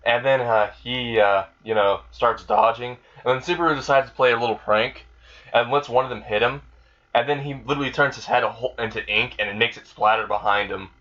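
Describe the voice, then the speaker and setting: A man's voice: mid-range voice, fairly even intonation, fairly quick, bright, forceful tone, muffled recording. A young man casually retelling an improvised fan story, rambling with lots of fillers, restarts and swearing.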